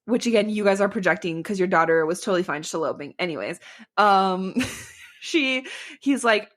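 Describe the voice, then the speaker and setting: A woman's voice: medium pitch, animated. A young woman co-hosting a podcast, recapping a book in a chatty, sarcastic way with frequent laughs. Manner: chatty, sarcastic, laughs often, quick asides. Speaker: podcast co-host. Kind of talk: casual chat recapping a book.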